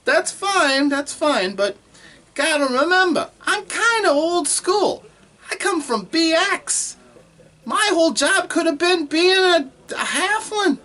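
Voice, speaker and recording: A man's voice: very high voice, sharp tone, full character voice. A man playing a boastful adventuring bard doing stand-up comedy, joking and laughing at his own puns.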